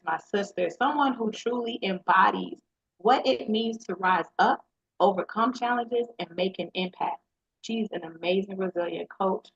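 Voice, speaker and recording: A woman's voice: medium pitch, vocal fry, fairly bright tone, dull audio. A woman hosting a live podcast, welcoming listeners with hyped, repetitive call-outs. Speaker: podcast host. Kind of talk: live podcast opening chat.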